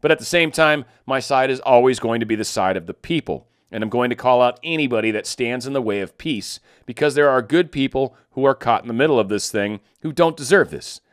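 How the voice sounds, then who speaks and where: A man runs through the headlines in a loose, casual commentary style and breaks off for sarcastic side remarks. He trips over hard names and laughs at himself. The sound is dry and close, with his voice at an ordinary middle pitch. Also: animated, fairly quick, hardly any pauses, smooth, no echo. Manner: sarcastic asides, stumbles over foreign names. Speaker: political commentary host.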